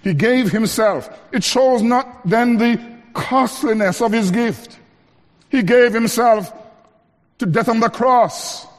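A man preaching a sermon, rising to emphatic lines and dropping to quiet ones, slowing to stress key words. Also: in a large hall. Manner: preaching with wide swings between raised emphatic lines and low quiet ones; slows down to stress key phrases.

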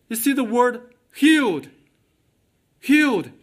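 High-voiced, slow-preaching man. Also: sing-song. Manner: emphatic, repeats key questions. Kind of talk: sermon.

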